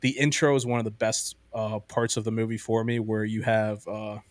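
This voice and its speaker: A man's voice: lowish voice, level tone, normal speed, no echo. A man hosting a podcast, chatting casually and enthusiastically about ranking movies, rambling with lots of "like" and "um". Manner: enthusiastic, rambling, heavy use of "like" and "um". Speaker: podcast host.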